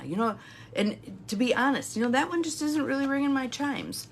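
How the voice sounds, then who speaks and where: A woman's voice: high voice, expressive, moderate pace, a little hiss or hum. A middle-aged woman coaching viewers in a live talk, emphatic and repeating her key phrases. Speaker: intuitive guidance coach.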